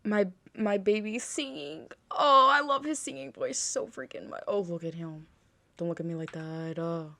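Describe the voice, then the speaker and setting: Woman, reaction host, excitable and gushy, cries out constantly and cheers herself on, mid-range voice. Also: mid-range voice, moderate pace, vocal fry. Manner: gushing, exclaims often, talks to herself. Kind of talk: excited music video reaction.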